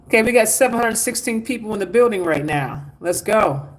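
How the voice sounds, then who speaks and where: A man's voice: sits high, animated, a little fast. A man hosting a spiritual livestream, reading out viewer comments and urging people to like, share and donate. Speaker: spiritual teacher.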